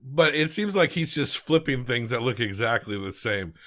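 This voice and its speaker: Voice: mid-range voice, expressive, normal speed, sharp tone. A podcast co-host casually reviewing a film with a wry, joking manner. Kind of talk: casual movie review chat.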